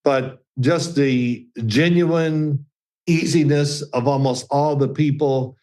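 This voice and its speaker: A man's voice: on the high side, steady tone, slow pace, a little mellow. An older man from Kentucky with a slight Southern accent, a former quarterback telling folksy stories as an interview guest. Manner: folksy storyteller, chuckling. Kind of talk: casual interview chat.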